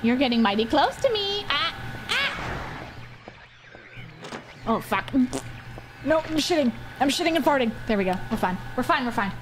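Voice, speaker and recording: A woman's voice: sits high, sing-song, moderate pace, pauses often, noisy background. A woman streamer casually chatting through a horror game, talking to her viewers and swearing freely. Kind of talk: casual live gameplay commentary with swearing.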